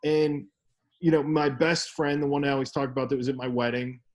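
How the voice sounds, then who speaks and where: A man's voice: medium pitch, brisk. A young man co-hosting a casual podcast, telling a story with laughs and acted-out quotes. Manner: animated, laughing, acts out quoted voices. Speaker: podcast co-host.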